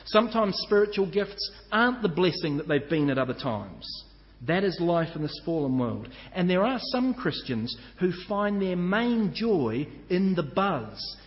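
Earnest male preacher in an echoing hall. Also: on the high side. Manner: earnest, measured preaching with slow emphatic lists. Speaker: pastor. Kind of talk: sermon. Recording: muffled church hall with long reverb.

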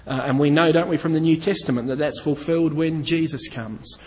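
A man's voice: fairly high pitch, fairly even intonation, brisk, a little mellow, big-room sound, low-quality recording. A man preaching a sermon, asking his listeners questions and leaning hard on key words. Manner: asks the congregation questions, stresses key words.

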